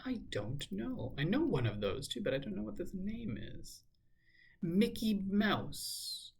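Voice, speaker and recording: A man thinking aloud in a measured, musing way as he works through a crossword, now and then correcting himself. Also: high-pitched, very animated, creaky, slightly rough. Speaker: crossword solver. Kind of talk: thinking aloud while solving a puzzle.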